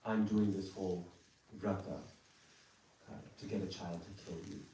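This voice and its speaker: A man voicing a weary, fasting goddess who hesitantly admits her own motive, recorded from afar in an echoey temple hall. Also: sits low, fairly even intonation, warm tone, far from the mic, slight background noise, pitched below the performer's own voice, natural voice. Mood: candid. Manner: hesitant, subdued.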